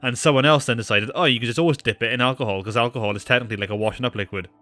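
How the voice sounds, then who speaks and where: A man's voice: mid-range voice, rapid-fire, bright, forceful tone, faint music behind. A man, chatting casually on a game stream and rambling through anecdotes with plenty of fillers. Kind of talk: casual live-stream chat.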